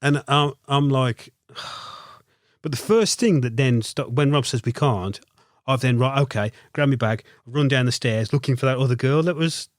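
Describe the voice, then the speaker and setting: A man from Birmingham with a Brummie accent appears as a podcast guest, telling a casual anecdote and acting out other people's words with lots of animation. He speaks at a measured pace in a medium pitch, with clean studio sound and no echo.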